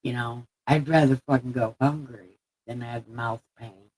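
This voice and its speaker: On a rough recording, a woman live-streams casual chat with a bass voice, fairly even intonation, a measured pace and a darkish, slightly rough tone. Her mouth is sore from having teeth pulled, so she slurs and lisps, rambling, laughing at herself and swearing freely.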